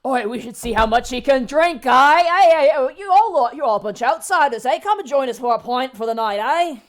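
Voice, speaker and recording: A woman voicing a boisterous drunk male dwarf who bellows loudly at strangers. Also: sits high, expressive, brisk, voice pushed up. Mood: rowdy. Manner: loud, bellowing "oi" and "aye".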